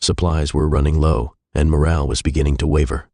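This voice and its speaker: Extremely deep male narrator. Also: slightly rough, dry recording. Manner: measured, even storytelling. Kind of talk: scripted historical narration.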